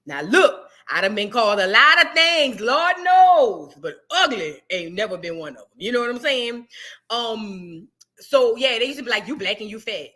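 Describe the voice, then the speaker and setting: New woman hosting a livestream, high voice, animated storytelling. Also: moderate pace. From New Orleans, USA. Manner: chatty, animated storyteller with slangy asides. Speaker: livestream host. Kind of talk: casual livestream chat.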